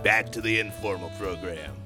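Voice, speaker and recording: A man doing a mock radio station announcement in a slow, deep announcer voice, pre-recorded. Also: close to an everyday voice. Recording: pre-recorded with music behind.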